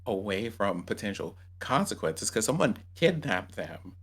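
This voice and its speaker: A man playing a tabletop game, reasoning things through in a thoughtful, measured way. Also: on the low side, big pitch swings, husky. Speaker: player. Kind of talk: casual tabletop role-play.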